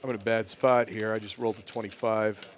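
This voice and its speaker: A man's voice: on the low side, fairly even intonation, a little fast, slight background noise. A man co-commentating a poker stream in a dry, matter-of-fact, bantering way. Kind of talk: casual live commentary.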